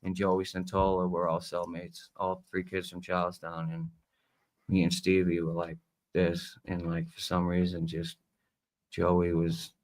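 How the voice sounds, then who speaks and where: A man, a podcast guest talking casually and low-key, often trailing off. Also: completely flat delivery, a little slow, a little mellow, low-quality recording. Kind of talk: casual chat.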